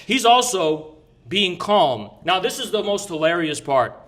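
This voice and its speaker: A man's voice: high-pitched, big pitch swings, unhurried, a bit bright. A man telling a story in casual chat, brash and profane, rambling with restarts. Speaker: podcast guest recounting an event.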